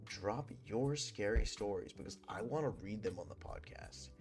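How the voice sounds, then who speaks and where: A young man with a lowish voice tells a spooky story on his podcast. He rambles, swears freely and piles on fillers. Faint music plays softly beneath his voice. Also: lively intonation, moderate pace. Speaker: podcast host. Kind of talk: casual storytelling.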